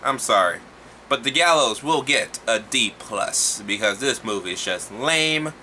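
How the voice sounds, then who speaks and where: A man giving a casual, profane movie review, talking in an animated, exasperated way. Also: mid-range voice, unhurried, a little hiss or hum.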